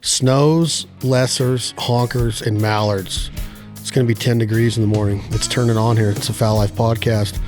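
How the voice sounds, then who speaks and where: A man with a mid-range voice hosts a hunting podcast. He is loose and informal, asks questions, and wraps up the show with hype. Faint music plays quietly behind him. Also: medium pitch, steady tone, moderate pace. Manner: enthusiastic, informal, swears casually. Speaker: podcast host. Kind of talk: casual interview and podcast sign-off.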